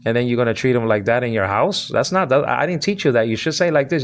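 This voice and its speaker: A man's voice: mid-range voice, quick pace, a little hiss or hum. A man from the United States delivering an angry, rambling video message, repeating himself and stumbling over his words. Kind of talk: angry direct-address monologue.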